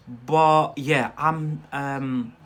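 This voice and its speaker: Chatty man with a Scottish-tinged accent. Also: medium pitch. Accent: Scottish-influenced English. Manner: chatty, reassuring, repeats "yeah?" often. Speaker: English teacher, live stream host. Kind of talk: casual live-stream English lesson.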